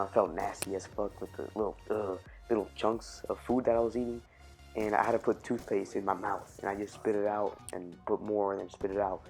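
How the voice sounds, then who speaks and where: Young man, lowish voice, loose chatty storyteller who corrects himself, light music bed. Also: a little mellow. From Cuban family. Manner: rambling, filler-heavy, self-correcting. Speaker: YouTube storyteller. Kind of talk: casual storytime vlog.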